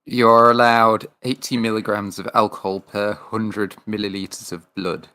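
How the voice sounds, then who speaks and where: A man's voice: on the low side, level tone, pushed and bright. A man, chatting hesitantly on a casual podcast. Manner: hesitant, halting, many ums. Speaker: podcast co-host. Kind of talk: casual chat.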